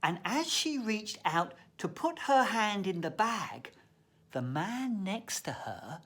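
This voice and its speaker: A man giving a reflective thought-for-the-day talk, telling stories expressively and sometimes dropping to a whisper. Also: sits high. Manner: slow, expressive storyteller, often drops to a whisper. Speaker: shamanic practitioner and storyteller.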